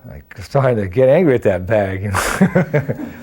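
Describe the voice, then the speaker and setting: A man in his sixties telling a personal story in an animated way, acting out the dialogue as he goes. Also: fairly low pitch, a little slow. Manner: animated storyteller who acts out dialogue and laughs at himself. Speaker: devotee sharing memories of his teacher.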